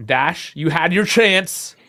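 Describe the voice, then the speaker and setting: A man's voice: a little high, expressive, takes it slowly, bright, forceful tone. A man co-hosting a casual call-in sports podcast, telling rambling, joking stories. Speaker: podcast co-host. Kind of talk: casual call-in show chat.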